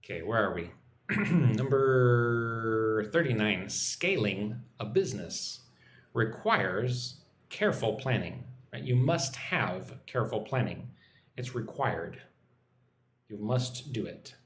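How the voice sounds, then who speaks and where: This English teacher on a live stream is very animated yet slow-paced, his pitch climbing and dipping as he works through every sentence. Patiently he repeats and explains key words, checking in again and again with "right?", and a clear echo from the room follows his voice.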